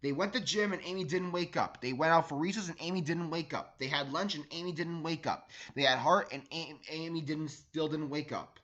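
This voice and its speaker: A man's voice: a little high, a little fast, hardly any pauses, a bit bright, dull audio. A man reading a children's storybook aloud as a read-along host, enthusiastic, often stumbling over and repeating words.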